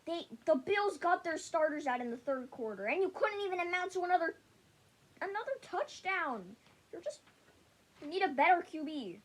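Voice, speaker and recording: A woman's voice: extremely high pitch, animated, normal speed. A woman giving a casual sports opinion rant, blunt and rambling, who often stumbles and restarts her sentences. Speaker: sports vlogger.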